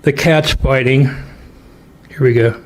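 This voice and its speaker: A man's voice: mid-range voice, steady tone, takes it slowly, crowd noise. A man hosting a livestream, mocking a clip with sarcastic, profane commentary. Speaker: host.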